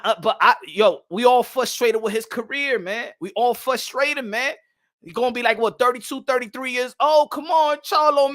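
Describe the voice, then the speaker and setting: Hosting a boxing live stream, a loud, hyped man speaks in a very high, bright voice. He shouts out viewers, swears freely and tosses in the odd Spanish phrase.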